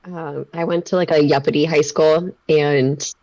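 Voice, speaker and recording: A woman in her thirties co-hosting a casual chat stream, chatty and giggly, with quick asides. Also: sits low, steady tone, warm tone, no room sound, lo-fi sound. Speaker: streamer co-host.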